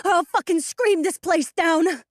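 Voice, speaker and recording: A bossy tiger-like catfolk woman, put on by a male narrator in a high, breathy voice well above his own, all urgent demands. The audiobook recording is close and dry. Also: measured pace, no echo. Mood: demanding. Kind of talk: audiobook character voice.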